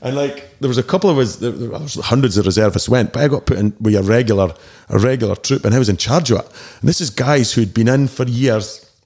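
A man's voice: mid-range voice, fast, a little mellow, breathy edge. A man in his forties with a Scottish accent, a DJ and army reservist telling blunt, sweary, rambling stories in a casual chat. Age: 40s. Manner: blunt, sweary, rambling anecdotes with frequent restarts.

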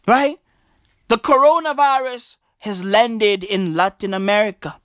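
Slow, profane man ranting. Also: no echo, studio quality. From South Africa. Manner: profane, animated, slow and drawn-out, jumps into high squeaky voices. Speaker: comedian. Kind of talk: stand-up comedy rant.

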